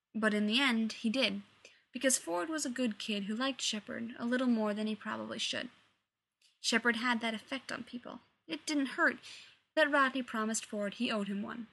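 Brief: woman storyteller, a bit high-pitched, expressive reading. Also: normal speed, creaky. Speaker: story reader. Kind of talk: reading fiction aloud.

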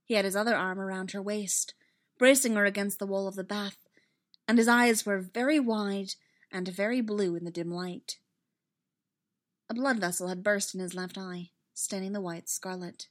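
Woman narrator, expressive dramatic storytelling, mid-pitched voice. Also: a little slow, pauses often. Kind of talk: storybook reading of fan fiction.

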